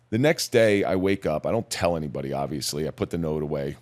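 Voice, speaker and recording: Deep-voiced man recounting somberly. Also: darkish tone. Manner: measured, somber, plain-spoken recounting. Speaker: podcast guest, police officer. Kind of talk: personal storytelling in a podcast interview.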